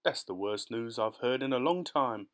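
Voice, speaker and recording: A man's voice: mid-range voice, expressive, moderate pace, a bit bright, natural voice. A man voicing a glum, pessimistic male earthworm in a storybook audiobook, talking in a complaining way.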